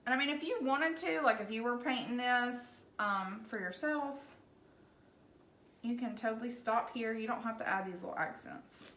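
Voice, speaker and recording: Speaking at a moderate pace, this woman has a fairly high, fairly bright voice. She hosts a relaxed painting livestream as a craft painter, chatting bubbly with her viewers. The home recording comes from a distant device mic, with room echo and a little background noise.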